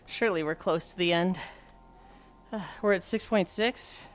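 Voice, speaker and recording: A woman's voice: lowish voice, a little slow, a little hiss or hum. A woman livestreaming while walking, out of breath and sighing as she chats with viewers and tells stories. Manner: chatty, reads chat aloud, animated storytelling.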